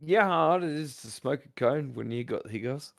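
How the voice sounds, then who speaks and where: A man's voice: mid-range voice, animated, normal speed, gravelly, fairly bright tone. An Australian man co-hosting a podcast, joking and swearing in casual crude banter. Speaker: podcast co-host.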